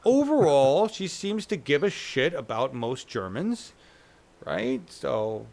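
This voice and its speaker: A man's voice: mid-range voice, sing-song, takes it slowly, gravelly, a little mellow. A man hosting a casual political chat show, talking loosely and profanely and often tagging on "right?". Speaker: show host.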